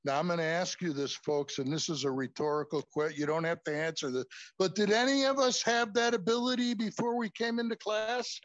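Male preacher with a high voice, informal classroom sermon, muffled and dry recording. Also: brisk, dry recording. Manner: conversational, repeatedly says "folks".

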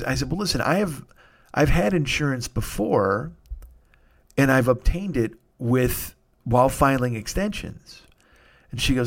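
A man hosting a podcast, telling a rambling, self-deprecating story in casual monologue and swearing freely, with sudden loud outbursts. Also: mid-range voice, expressive, unhurried, creaky. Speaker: podcast host.

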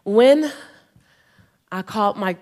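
A woman's voice: mid-range voice, lively intonation, slow, a little mellow. A woman in her forties giving a keynote to a live audience, telling humorous stories and calling for responses from the crowd. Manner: fervent, rousing exhortation. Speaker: motivational speaker.

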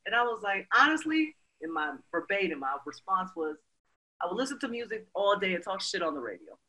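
A woman's voice: mid-range voice, big pitch swings, a little fast, pushed and bright, low-quality recording. A woman from Brooklyn, a guest telling stories in a casual interview and dropping many "you know"s along the way. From Brooklyn, New York.

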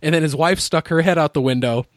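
A man's voice: fairly high pitch, fast, dry recording, clean studio sound. A young man telling a travel story in casual chat, rambling and swearing, laughing often. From United States. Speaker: podcast co-host.

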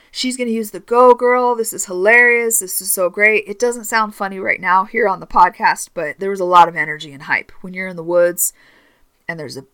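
A woman in her thirties telling a comic story on her podcast, sarcastic and animated, swinging between muttered asides and sudden exclamations. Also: lowish voice, no room sound. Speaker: podcast host.

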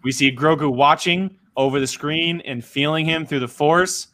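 A man hosting a casual recap chat, excited and swearing freely as he runs through a scene. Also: on the high side, moderate pace, a little hiss or hum. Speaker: podcast host.

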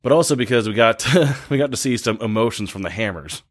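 A man's voice: fairly low pitch, lively intonation, fast talker. A man hosting a podcast, chatting about a film in a laid-back way and signing off the show. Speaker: podcast host. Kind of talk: casual film review chat.

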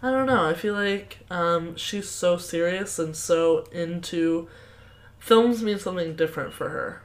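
A woman's voice: fairly low pitch, a little slow. A woman co-hosting a casual movie podcast, laughing often and acting out quotes in silly voices. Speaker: podcast co-host.

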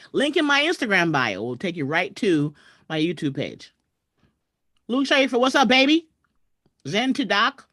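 A woman's voice: fairly low pitch, a bit bright, no room sound, clean studio sound. A woman comedian hosting a live stream, chatting straight to viewers and greeting guests over a video call. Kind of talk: casual live-stream chat. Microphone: webcam video call.

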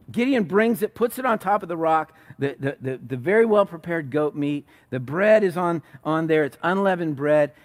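A male pastor delivering a sermon in a voice pitched a little high. He retells the story with animated energy, acting out the quotes and stumbling into restarts as he goes.

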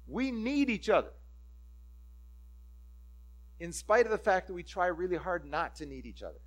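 A male pastor preaching a sermon, reading scripture and acting out its voices with lively energy. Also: high voice, moderate pace. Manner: animated, acts out scripture voices.

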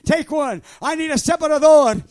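A man in his sixties preaches with fervor, his voice unusually high. He breaks into loud shouted bursts between stretches of storytelling. The sound is dry and close, with no room around it. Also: moderate pace, dry recording. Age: 60s. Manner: shouting, fervent, with sudden loud bursts and laughs. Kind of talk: sermon.

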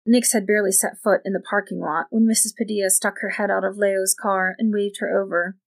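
A woman narrating a novel in an even, measured storytelling voice. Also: medium pitch. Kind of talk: audiobook narration.

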